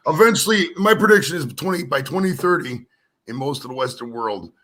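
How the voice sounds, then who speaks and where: Fast, bright-voiced American stoner host. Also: male voice, on the high side, animated. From United States. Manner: laid-back stoner talk, full of "man" and "bro". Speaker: podcast host. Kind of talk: casual chat.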